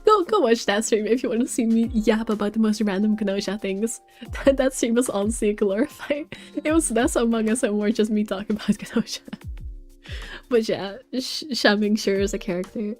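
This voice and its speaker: A woman's voice: mid-range voice, moderate pace, darkish tone, soft background music. A woman live-streaming a game, chatting casually with her viewers and reading game text aloud. She is chatty and giggly and trips over her words.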